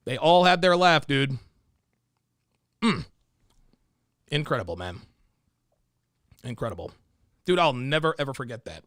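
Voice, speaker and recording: A male livestream host giving profane, animated commentary on videos, reading out viewer donations and telling stories. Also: medium pitch, measured pace, pauses often, no room sound.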